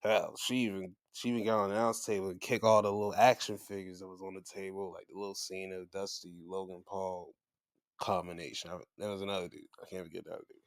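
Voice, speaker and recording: This deep-voiced man talks fast as he hosts a laid-back wrestling recap, playing out quotes with lively, chatty energy. The recording is dry and studio-clean.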